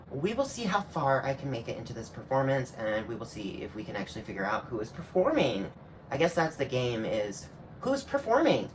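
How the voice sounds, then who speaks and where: A man's voice: medium pitch, fairly bright tone, slight background noise. A man hosting a reaction video, giving sassy, snarky commentary full of slang and asides. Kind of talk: casual sarcastic commentary.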